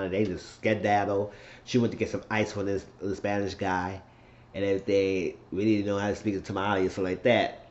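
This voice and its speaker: A man casually recapping a TV episode, telling it as a rambling story with asides and cursing. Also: low-pitched. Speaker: TV show recap host. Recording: roomy, dull lo-fi sound.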